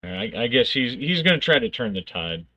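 A man's voice: medium pitch, very animated, fairly quick, sharp tone, highs cut off. A man thinking aloud as he plays a solo tabletop game, reading rules aloud and narrating the action in bursts.

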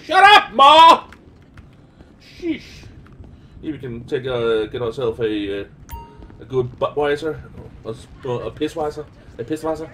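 A man's voice: mid-range voice, steady tone, normal speed, darkish tone. A man giving casual gameplay commentary, rambling and giggly with lots of hesitations. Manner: rambling, giggly, full of uh's. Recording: noisy gameplay capture.

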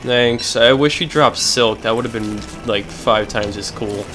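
A man giving profane, excitable commentary while playing a video game, swinging between shouted outbursts and low muttering. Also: unhurried, soft background music, low-quality recording. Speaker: let's play gamer. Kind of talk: gaming commentary.

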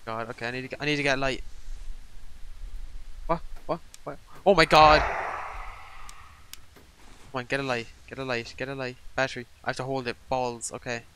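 Gaming host, young male, bright tense tone, panicky swearing commentary, faint hiss behind. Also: mid-range voice, flat delivery, very fast, hardly any pauses, poor audio. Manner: jumpy, swears and panics, mutters to himself. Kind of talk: horror game let's play commentary.

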